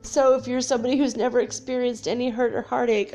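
A woman's voice: a little high, brisk, few pauses, mellow, faint music behind. A woman talking candidly to her viewers about faith and her past, emotional and laughing often, sometimes swearing. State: tearful at times. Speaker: spiritual vlogger. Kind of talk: casual confessional talk to viewers.

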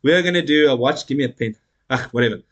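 A man hosting a casual podcast chat who talks in an emphatic, blunt way. He swears freely and laughs often, with a voice at an ordinary middle pitch. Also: fast. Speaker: podcast host.

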